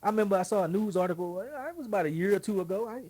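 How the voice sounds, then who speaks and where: A middle-aged man with a Texan accent, talking off the cuff as a show host. His voice is husky and sits a little high for a man. He talks in an animated, folksy way, with quick asides. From Texas. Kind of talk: casual monologue.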